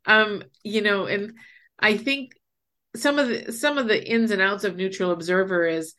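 Mid-pitched woman, conversational, explains with acted-out examples. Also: normal speed, a bit bright. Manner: explanatory, acts out inner voices with examples. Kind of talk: casual conversation.

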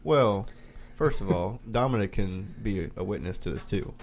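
A man's voice: lowish voice, a little hiss or hum. A young man co-hosting a casual podcast, teasing his friend and telling a story. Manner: teasing, storytelling, quick jabs. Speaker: podcast co-host. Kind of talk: casual crude banter.

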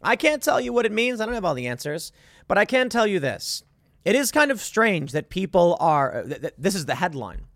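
A man's voice: high voice, very animated, brisk, a bit bright, no room sound, clean studio sound. A man in his thirties hosting a commentary show, talking in a sarcastic, exasperated, rambling way with frequent restarts. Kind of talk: opinion commentary monologue.

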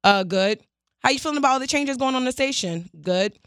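A young woman hosting a podcast, telling a workplace story with animated impressions of coworkers and plenty of swearing. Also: sits high, fast talker, no echo, studio quality. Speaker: podcast host and producer. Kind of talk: casual chat.

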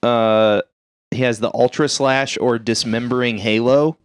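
A man's voice: mid-range voice, steady tone, a little slow, clean tone, dry recording. A man co-hosting a casual podcast, reading out details and making light fun of himself. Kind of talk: casual chat.

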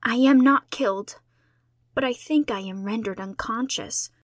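A woman's voice: a little high, a little slow, no room sound, clean studio sound, voice pushed up. A woman voicing a proud, imaginative schoolgirl who makes solemn, dramatic declarations. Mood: dazed.

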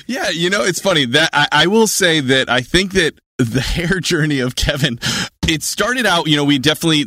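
A man being interviewed as an actor guest, talking in an animated way with frequent restarts and easy laughter. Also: medium pitch, no room sound, studio quality. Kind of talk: casual interview answers.

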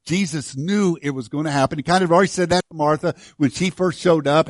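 A man preaching a sermon to his church, swinging from hushed, slow lines to loud, fervent ones. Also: fairly high pitch, no room sound, clean studio sound. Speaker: pastor.

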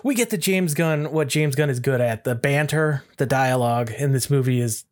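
Laid-back man recapping a movie. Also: medium pitch. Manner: laid-back, fills pauses with uh. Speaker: podcast co-host. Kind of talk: casual movie discussion.

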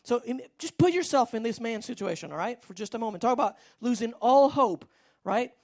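High-voiced woman preaching a sermon. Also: lively intonation, fairly quick, darkish tone. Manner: rambling, storytelling with many restarts.

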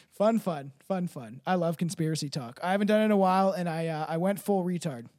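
A man's voice: high voice, fast talker, a little mellow. A man hosting a casual podcast, rambling and swearing freely, laughing often between thoughts. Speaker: podcast host.

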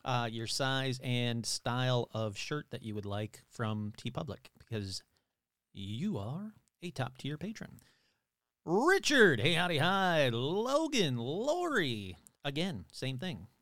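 A man hosting a paranormal podcast in a casual, upbeat, rambling way, reading off playful shout-outs. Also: medium pitch, sing-song, slow, dry recording, studio quality. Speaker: podcast host. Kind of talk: casual chat.

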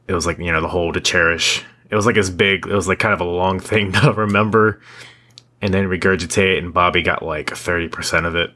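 A man's voice: low-pitched, steady tone, fairly quick, sharp tone. A young man co-hosting a podcast, ranting in blunt, profane casual chat, full of restarts. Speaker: podcast co-host.

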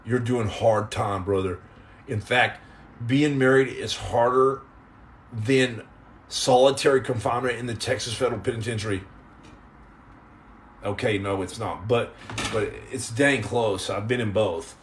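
A man hosting a casual live podcast, joking and teasing viewers in slangy talk that drops into low mutters. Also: steady tone, unhurried, long pauses, a little hiss or hum. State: on house arrest. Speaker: podcast host reading live chat. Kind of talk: casual live-stream chat.

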